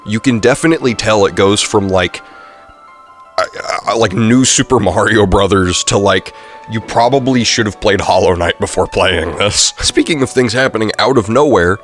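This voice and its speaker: A young man casually reviewing a video game, rambling with lots of fillers and self-corrections. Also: on the low side. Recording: faint music underneath. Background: faint background music.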